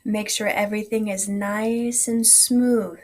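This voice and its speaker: A woman music teacher leading vocal warm-ups with gentle, encouraging coaching and a slightly scratchy voice. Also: medium pitch, flat delivery, takes it slowly.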